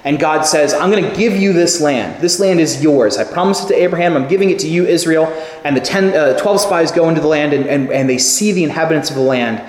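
A man preaching a sermon, telling stories with lively acted-out quotes. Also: fairly high pitch, brisk, few pauses. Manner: animated storytelling with acted quotes. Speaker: pastor. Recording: echoey hall with long reverb.

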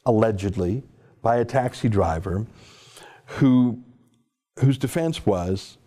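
A man's voice: on the low side, slow pace, mellow. A man giving sarcastic, indignant opinion commentary while someone scrolls through articles for him. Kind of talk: opinion commentary reading from a screen.

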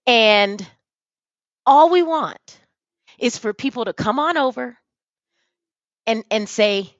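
A fired-up woman speaks in a somewhat high voice over a video call, swearing freely and stumbling through restarts as she presses her points. The sound is dry, with no room echo at all. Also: lively intonation, takes it slowly, dull audio. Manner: emphatic, profane, frequent restarts. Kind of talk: casual conversation.

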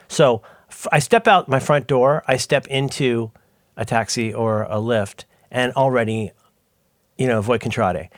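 A man's voice: medium pitch, a little slow, no room sound, clean studio sound. A middle-aged man co-hosting a podcast, chatting casually in rambling, self-interrupting, jokey stories. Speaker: podcast co-host. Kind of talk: casual chat.

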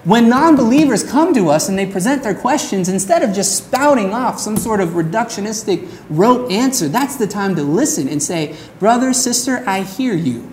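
A woman pastor preaching a sermon in an earnest way, slowing down on her key phrases. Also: mid-range voice, lively intonation, darkish tone, slight background noise.

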